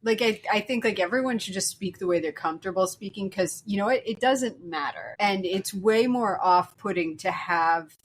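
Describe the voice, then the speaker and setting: This woman's medium-pitched voice moves at a moderate pace with hardly any pauses as she co-hosts a film podcast. The talk is casual, playful, and rambling, with frequent restarts.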